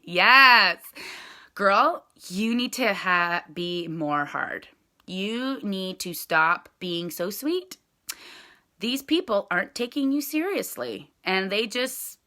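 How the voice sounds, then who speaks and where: A woman's voice: medium pitch, expressive, slow pace, bright, forceful tone. A woman who leads a direct sales team, chatting casually and in a rambling way with viewers on a live stream.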